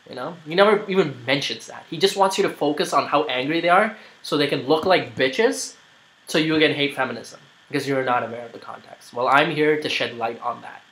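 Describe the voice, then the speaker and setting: A man's voice: fairly high pitch, fairly quick, a bit bright, low-quality recording. A man commenting on a played video, argumentative and rambling, with many fillers. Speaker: YouTuber making a response video.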